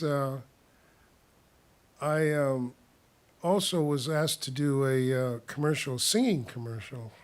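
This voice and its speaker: A man casually telling stories about his past, rambling with restarts and chuckling often as he talks. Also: mid-range voice. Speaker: storyteller. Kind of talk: casual spoken storytelling.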